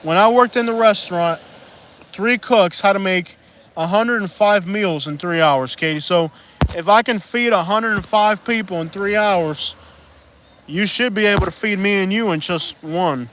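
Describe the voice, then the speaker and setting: A man's voice: high voice, measured pace, fairly bright tone, a little hiss or hum. A man live-streaming outdoors on a beach at sunset, rambling and joking in casual chat and reading out viewer comments.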